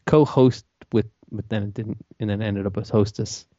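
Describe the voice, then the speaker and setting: A man's voice: fairly low pitch, fairly even intonation, normal speed, lo-fi sound. A man hosting a casual podcast, joking and teasing his co-host through a loose intro. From West Coast of the United States. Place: home studio in San Diego.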